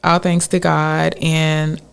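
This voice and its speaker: A woman's voice: low-pitched, level tone, slow, gravelly, clean tone. A woman in her thirties, a singer guesting on a radio interview, giving brief answers and repeated affirmations.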